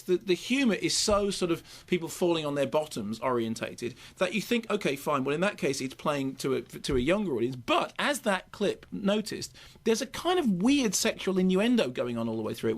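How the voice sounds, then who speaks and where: A middle-aged British man talks through a film review at high speed, digressing and restarting his sentences. His voice sits a little high, and he sounds opinionated and animated. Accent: British English. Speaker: film critic. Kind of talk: radio film review chat.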